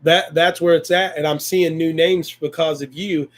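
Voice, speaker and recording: Folksy livestream host, fairly high-voiced man. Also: steady tone, moderate pace. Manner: folksy and effusive, warm praise and blessings. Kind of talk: casual livestream chat.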